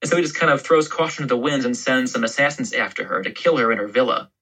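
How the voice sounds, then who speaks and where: Historian guest, male, bright and slightly husky, rambling explainer. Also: mid-range voice, fast, low-quality recording. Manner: explains history in long, loose storytelling turns. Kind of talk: podcast interview.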